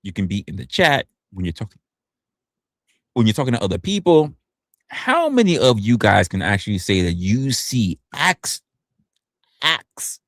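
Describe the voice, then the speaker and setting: Recorded dry with clean studio sound, this man runs a laid-back livestream, speaking loosely and profanely while often stumbling and restarting his words. His manner is animated, with pitch that keeps swinging up and down.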